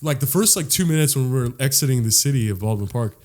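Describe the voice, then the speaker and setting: A man's voice: medium pitch, lively intonation, quick pace, a little mellow. Rambling, cussing man telling a story. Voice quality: rambling, profane, with many "like"s and restarts. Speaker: podcast co-host. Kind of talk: casual storytelling chat.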